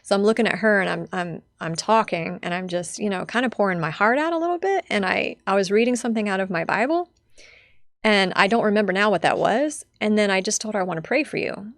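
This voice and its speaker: A woman's voice: mid-range voice, fast talker, dry recording, studio quality. A young adult woman telling a personal story as a podcast guest, heartfelt and chatty with lots of fillers.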